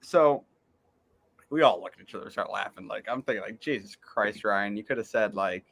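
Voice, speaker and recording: A man's voice: on the low side, a little fast, vocal fry, fairly bright tone. A man co-hosting a podcast, rambling through a funny story and acting out what people said. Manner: rambling storyteller, acts out quotes. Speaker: podcast co-host. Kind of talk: casual chat.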